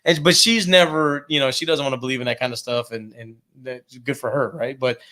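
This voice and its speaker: A man co-hosting a casual horror podcast, telling ghost stories in an animated way, swearing freely and acting out quotes. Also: medium pitch, brisk. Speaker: podcast co-host. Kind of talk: casual chat, storytelling.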